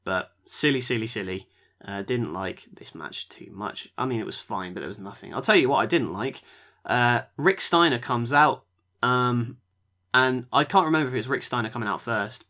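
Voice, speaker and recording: A man's voice: mid-range voice, animated, normal speed, pushed and bright. A man hosting a podcast, reviewing matches in a rambling casual chat that often trails off. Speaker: podcast host.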